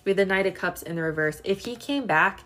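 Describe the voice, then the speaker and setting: Brisk and sharp-toned, this woman's mid-range voice belongs to a young tarot reader in her twenties. On a casual live stream, she chats with viewers and leans heavily on filler words.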